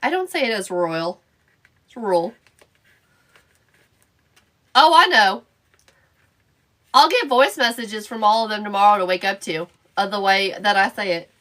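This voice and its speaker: Woman chatting on a craft livestream, bright voice, bouncy pitch, teasing the chat back. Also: animated, a little slow, long pauses. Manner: playful, bantering with viewers in chat.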